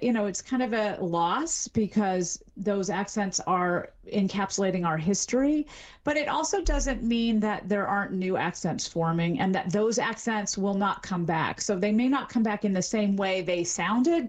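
A middle-aged woman, a linguistics professor, explaining things articulately as a guest in an interview. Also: medium pitch. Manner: articulate, explanatory, with some fillers. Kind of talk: expert interview.

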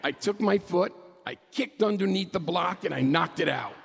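A middle-aged man telling a humorous personal story to an audience, animated and excitable, with jokey asides. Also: sits high, moderate pace, gravelly, breathy edge, long reverb tail.

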